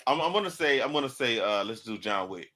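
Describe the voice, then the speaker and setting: Man, bright forceful voice, podcast host, repeats words when starting. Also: medium pitch, expressive, fast talker. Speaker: podcast host running the board. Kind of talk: casual chat.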